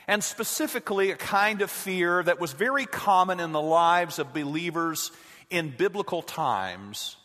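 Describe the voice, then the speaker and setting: A man preaching a sermon as pastor in a church, measured and earnest. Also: high-pitched, animated, sharp tone. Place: church sanctuary. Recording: echoey hall.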